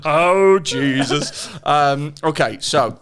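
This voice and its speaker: A man's voice: fairly high pitch, very slow. A man hosting a casual podcast chat, swearing and joking freely. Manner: sweary, laughing, animated. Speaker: podcast host.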